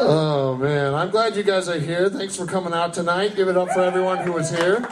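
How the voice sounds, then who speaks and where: A young man performing a stand-up comedy set in a live club, telling stories with energy and breaking into shouted character voices. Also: high-pitched, steady tone, fairly quick, over a noisy crowd. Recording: noisy live club recording. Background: audience laughter.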